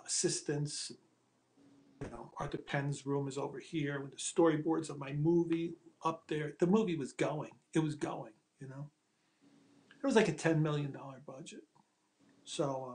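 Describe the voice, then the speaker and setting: Middle-aged male screenwriter, slightly high voice, animated anecdote teller who acts out quotes and swears freely. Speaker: screenwriter and ghostwriter telling his story.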